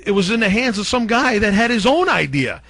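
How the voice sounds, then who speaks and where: Guest storyteller, man, higher voice, animated, dry close sound. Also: fairly quick, vocal fry, dry recording. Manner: animated, acts out quotes of others. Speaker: former radio DJ guest. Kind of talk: casual storytelling interview.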